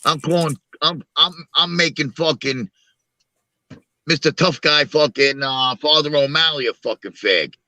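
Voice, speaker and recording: A man's voice: a little high, unhurried, bright, forceful tone. Profane New man telling street stories. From Long Island, New York. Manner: profane, storytelling, blunt. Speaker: show host. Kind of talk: casual live-stream talk.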